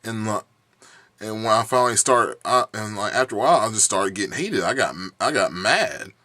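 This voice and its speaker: A man's voice: fairly low pitch, expressive, normal speed, bright, forceful tone, no room sound. Rambling young man with a cough. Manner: heated, rambling, profane, many restarts and fillers. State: bad cough. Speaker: YouTube vlogger. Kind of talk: casual rant.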